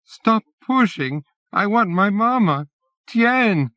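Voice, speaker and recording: A man's voice: sits high, animated, takes it slowly, fairly bright tone, dry recording, voice pushed up, heavily acted. A man doing a wailing frightened little boy. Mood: shrieking. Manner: peevish, wailing. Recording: dull lo-fi cassette.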